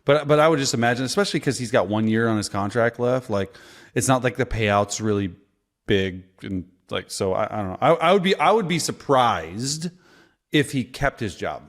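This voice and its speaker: A man's voice: medium pitch, animated, moderate pace. A man co-hosting a casual sports podcast, talking loosely with lots of fillers and restarts. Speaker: podcast co-host and former player.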